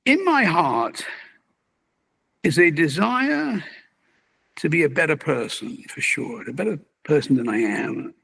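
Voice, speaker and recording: Older man with a gravelly, husky voice. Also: a little high, unhurried, long pauses. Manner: animated, musing, chuckles while talking. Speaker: guest, magazine publisher. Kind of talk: conversational interview.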